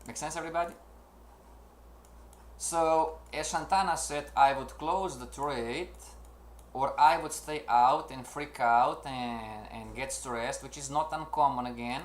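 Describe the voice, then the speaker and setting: A man teaching a live online trading lesson, animated and checking in often with his class, acting out traders' worries in their own voices. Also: medium pitch, a little slow. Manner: animated, repeats "make sense, everybody?", acts out traders' inner voices. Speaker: trading instructor. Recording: roomy echo.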